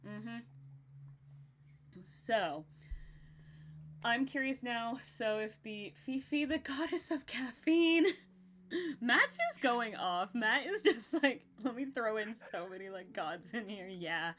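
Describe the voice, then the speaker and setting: A young woman hosting a podcast in casual chat, animated and quick to laugh, with a slight natural vocal fry and casual swearing. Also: on the high side, slight background noise. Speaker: podcast host.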